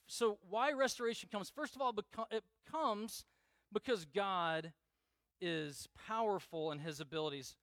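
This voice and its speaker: A man's voice: high-pitched, lively intonation, unhurried, fairly bright tone, no room sound. A middle-aged man preaching a sermon as pastor, earnest and repeating key phrases for emphasis. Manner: earnest, repeats key phrases, acts out prayers in dramatic quoted voices.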